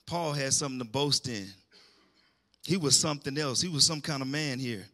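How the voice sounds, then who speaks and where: A man's voice: medium pitch, moderate pace, bright, forceful tone. A man preaching a sermon, calling out to the congregation and rising into emphatic bursts.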